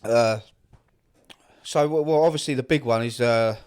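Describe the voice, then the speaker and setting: A man's voice: mid-range voice, moderate pace, darkish tone, smooth. A man from England, co-hosting a podcast in casual, sweary banter full of teasing and mock outrage. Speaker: podcast co-host. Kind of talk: casual chat.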